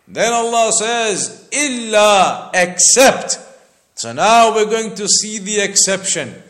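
A man with a fairly high voice teaching a verse-by-verse religious lesson. He speaks slowly and deliberately, circling back to repeat each key point for emphasis. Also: a bit bright. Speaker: Islamic teacher. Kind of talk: Quran explanation lecture.

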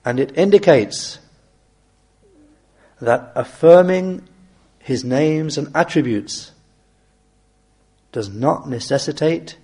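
Gravelly, mellow male religious teacher. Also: a little high, lively intonation. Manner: measured and deliberate, reciting Arabic verses quickly then translating slowly. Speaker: Islamic teacher. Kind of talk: explaining a classical text in a lesson.

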